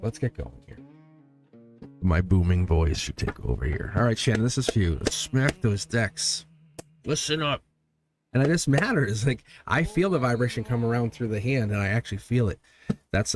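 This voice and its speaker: Chatty low-voiced man reading tarot live. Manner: chatty, rambling, laughs often, talks straight to viewers. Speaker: tarot reader and channel host. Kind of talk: casual live-stream talk while reading tarot. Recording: soft music playing behind. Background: quiet background music.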